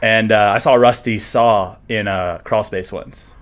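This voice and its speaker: A young adult man, a real estate agent, telling stories about his work in a relaxed, self-deprecating way. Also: on the low side, measured pace. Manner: self-deprecating, laid-back storyteller. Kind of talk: casual interview chat.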